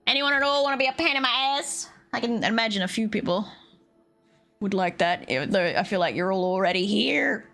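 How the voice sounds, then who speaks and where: A woman's voice: medium pitch, animated, fairly quick, a bit bright, soft background music. A young woman streaming a game, grumbling aloud with sarcastic, heavily sworn commentary. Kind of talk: casual gameplay commentary.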